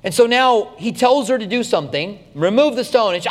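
A man's voice: high voice, expressive, fairly quick, long reverb tail. A male pastor giving a conversational radio Bible teaching, with frequent restarts and asides.

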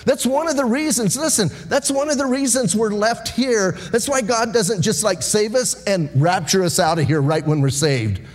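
A man preaching an evening sermon, lively and conversational, talking back and forth with his congregation. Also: high voice, moderate pace, hardly any pauses, in a large hall. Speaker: pastor. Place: church sanctuary.

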